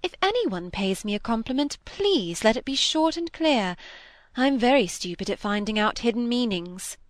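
A woman's voice: fairly high pitch, animated, moderate pace, no echo, pitched above the performer's own voice, close to an everyday voice. A woman reading aloud, voicing a witty, teasing young woman with an arch, playful manner. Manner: arch, playful, lightly scornful.

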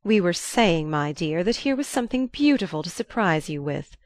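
A woman's voice: fairly low pitch, animated, moderate pace, no room sound, clean studio sound, natural voice. A woman reading the part of a fussy, indulgent older aunt with an arch, coaxing manner.

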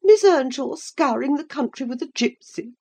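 A prim old lady of the manor, easily scandalized, acted out by a woman reading a story. She sits noticeably higher than the reader's usual voice. She exclaims with indignation. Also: animated, normal speed, darkish tone. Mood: indignant.

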